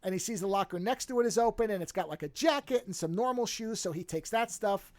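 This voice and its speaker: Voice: medium pitch, fast, no room sound. A podcast host in casual chat, retelling a film with plenty of swearing and acting out the characters' lines. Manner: profane, animated storytelling, acts out characters' lines.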